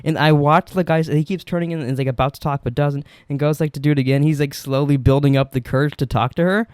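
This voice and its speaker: A man's voice: on the high side, steady tone, fast talker, a little mellow, clear, resonant tone, no echo, studio quality. A young man co-hosting a podcast, telling rambling stories with restarts and casual swearing. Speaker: podcast co-host.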